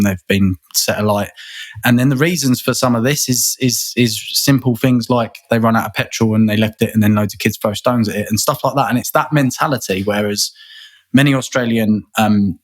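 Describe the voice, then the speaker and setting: A man, a guest in a casual interview, talking earnestly and rambling, often repeating words and restarting. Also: on the low side. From England.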